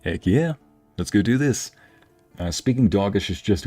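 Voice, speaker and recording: Low-voiced man casually commenting on a game. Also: lively intonation, normal speed, pauses often, dark tone, no echo, soft background music. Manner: chatty and easygoing. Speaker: streamer.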